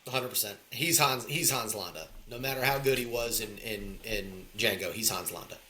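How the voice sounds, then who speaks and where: A man co-hosting a casual podcast chat, talking in animated bursts and repeating lines for emphasis. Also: on the low side, moderate pace. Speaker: podcast co-host.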